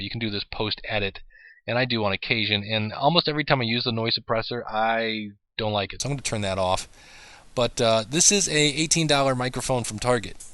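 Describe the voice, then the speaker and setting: A man's voice: medium pitch, no echo. Dry-voiced man demonstrating podcast gear. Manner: conversational, testing gear aloud. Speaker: podcast teacher. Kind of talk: casual demonstration.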